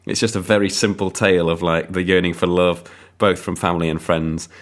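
A man's voice: deep voice, little pitch movement, brisk. A man reviewing films on a podcast in casual chat, rambling and enthusiastic with lots of ums.

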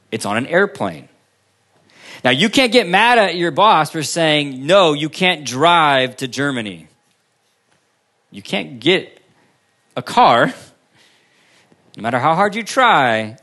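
A male pastor preaching a sermon, asking the congregation questions and answering them himself, with long pauses and line endings that drop almost to silence. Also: a little high. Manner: preaching with strong rises and falls, long pauses, drops to near quiet at line ends.

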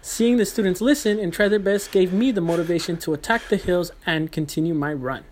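A man, a running coach, reads an earnest recap of a team race in a steady voice. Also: sits high, brisk, slight background noise. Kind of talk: scripted narration.

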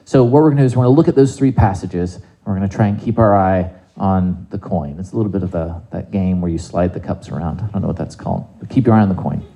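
A man preaching a sermon in a conversational, animated way, asking the congregation rhetorical questions. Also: sits low, fast, vocal fry, few pauses, low-quality recording. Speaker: pastor.

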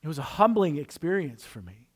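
A man's voice: a little high, sing-song, fairly quick, breathy edge. A man preaching a conversational sermon, telling a personal story and joking with the congregation. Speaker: pastor.

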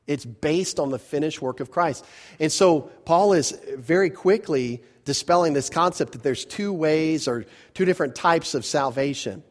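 Higher-voiced male pastor preaching conversationally. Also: normal speed. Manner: conversational preaching with rhetorical questions and self-corrections; grows animated when telling a personal story. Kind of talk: verse-by-verse sermon.

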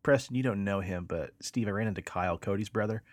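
Male podcast host, low-pitched and dry, animated storyteller. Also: quick pace, dry recording. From El Dorado. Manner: lively storyteller, acts out quoted lines. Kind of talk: casual chat.

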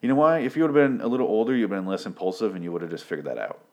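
A man's voice: fairly low pitch, lively intonation, racing. A young man casually recapping TV episodes, swearing often and rambling sarcastically with lots of fillers.

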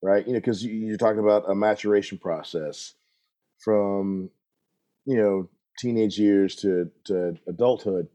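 A middle-aged man speaks in a low register, his voice dark and mellow. He is a drummer and guest in an interview, laid-back and folksy, and he drifts into easy anecdotes. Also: unhurried. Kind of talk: relaxed storytelling interview.

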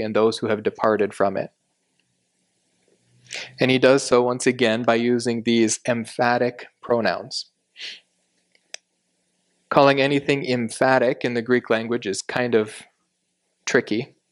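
Guy preaching a bible lesson, steady and explanatory, leans on the key words. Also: mid-range voice. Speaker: Bible teacher. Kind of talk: expository sermon.

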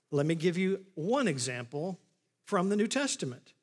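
A man's voice: high-pitched, normal speed. A man preaching a sermon as pastor, retelling a Bible story and acting out the lines of the people in it. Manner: animated storytelling, acts out the scripture scenes. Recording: long hall reverb.

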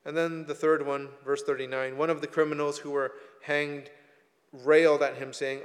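A man's voice: fairly high pitch, little pitch movement, moderate pace. Man preaching in a reverberant church. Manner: reflective, with emphatic rises on quoted scripture. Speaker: pastor. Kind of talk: sermon with scripture reading.

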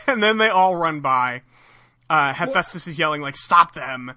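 This is a podcast co-host chatting casually and recapping a cartoon episode scene by scene. The pitch swings widely as they tell the story, and the tone is bright. They laugh often. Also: slow. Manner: animated storyteller, laughs often, retells scenes with quoted voices.

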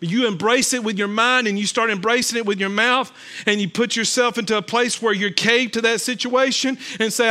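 Bright high-voiced man preaching a sermon. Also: fairly quick. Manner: storytelling preacher, voice swings from loud bursts to hushed calm. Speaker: pastor.

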